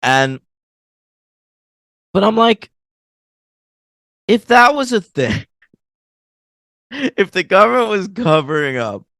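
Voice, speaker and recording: A man co-hosting a casual film review podcast, animated and laughing often as he pokes fun at movie lines. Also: sits high, slow pace, gravelly, pauses often, no room sound. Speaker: podcast co-host.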